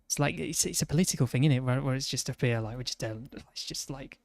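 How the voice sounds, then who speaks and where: A man's voice: mid-range voice, fast, vocal fry. A young man with a Yorkshire accent, chatting bluntly and teasing a friend while streaming a racing game, often restarting his sentences. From northern England. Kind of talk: casual chat while gaming.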